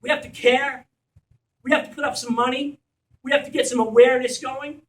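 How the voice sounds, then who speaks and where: A man's voice: very high voice, steady tone, fairly quick. A man speaking as organizer at a community fundraiser at a school, passionate and blunt, sometimes swearing. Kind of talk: impassioned fundraiser speech. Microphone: distant from the mic. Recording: echoey room, recorded from far off.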